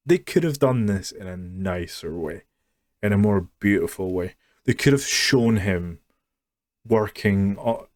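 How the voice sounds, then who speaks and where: A man's voice: fairly low pitch, dry recording. A man reviewing a show in a sarcastic, mocking rant. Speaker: YouTube reviewer. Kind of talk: ranting review.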